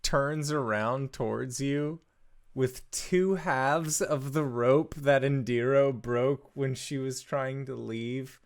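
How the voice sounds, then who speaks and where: A man's voice: mid-range voice, slow. A man playing a tabletop game, briefly narrating his character's actions in a matter-of-fact way. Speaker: player.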